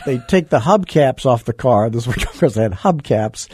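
A man's voice: mid-range voice, animated, moderate pace, a little mellow, husky, no room sound, studio quality. An older man hosting a podcast in a casual, joking chat, telling stories and teasing his guests. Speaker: podcast host.

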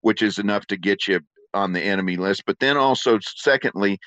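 Male radio co-host, folksy opinionated rambler, low voice, lo-fi dry audio. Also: fairly quick, fairly bright tone, clean tone, dry recording. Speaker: radio talk show co-host. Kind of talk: political talk radio chat. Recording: dull lo-fi broadcast sound.

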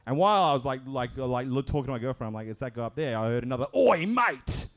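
A man telling a comic story at a live show, animated and often laughing as he acts out other voices. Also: medium pitch, rapid-fire, clear, resonant tone.

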